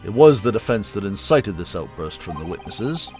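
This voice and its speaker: A man voicing a haughty, cold British prosecutor in a video game, speaking slowly and with disdain. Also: fairly low pitch, big pitch swings, darkish tone, soft background music. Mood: disdainful. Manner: slow, measured, disdainful.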